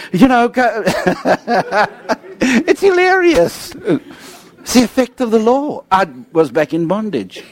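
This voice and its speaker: A man preaching a sermon, telling humorous stories and swinging between excited highs and quiet, serious lows. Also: slow. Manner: animated storytelling with jokes, swinging from high to low.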